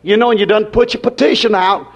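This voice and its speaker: A man preaching a sermon in a folksy, dramatic way, swinging between loud and soft. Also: sits high, fairly even intonation, quick pace. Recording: dull lo-fi sermon recording.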